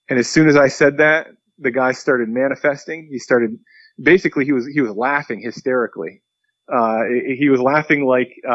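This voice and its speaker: A pastor being interviewed, telling a long story earnestly and acting out the quotes. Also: male voice, medium pitch, dry recording, muffled recording.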